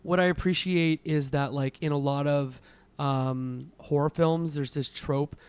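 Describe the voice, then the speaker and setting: A man's voice: a little high, fairly even intonation, a little slow, smooth, dry recording. A man, a podcast guest, talking through his thoughts with many filler words. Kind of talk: casual chat.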